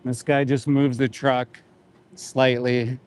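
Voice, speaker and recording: A man's voice: medium pitch, flat delivery, slow, darkish tone, clean tone. A man in his forties, an activist livestreaming outdoors by a roadside, speaking in a somber, indignant way with short repeated phrases. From Canada. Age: 40s. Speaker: animal rights activist livestreaming. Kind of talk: live outdoor commentary.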